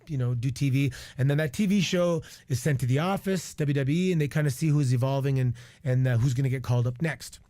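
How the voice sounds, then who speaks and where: A man's voice: mid-range voice, fast, hardly any pauses, mellow, dry recording. A man in his forties from Canada, a retired wrestler, telling a story as a radio guest in a candid, profane way. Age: 40s. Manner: candid and profane, lots of restarts and quoted asides. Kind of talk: animated storytelling on a radio show. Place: radio studio.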